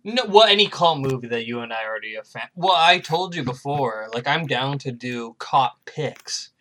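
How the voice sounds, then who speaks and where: Man, podcast co-host, bright tense voice, casual rambling, fillers. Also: medium pitch, expressive, normal speed, slight background noise. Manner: rambling, joking, many fillers. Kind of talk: casual chat.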